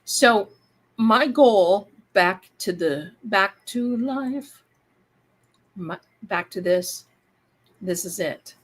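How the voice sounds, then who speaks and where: Woman, livestream host, casual rambling chat, unhurried delivery, addresses viewers. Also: fairly low pitch, slightly rough. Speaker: live-stream host.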